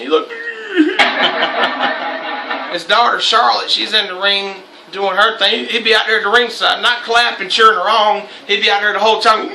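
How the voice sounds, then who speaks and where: A man's voice: high-pitched, gravelly, very noisy. A young man hosting a casual chat show, loose and profane and laughing often. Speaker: host. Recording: echoey room.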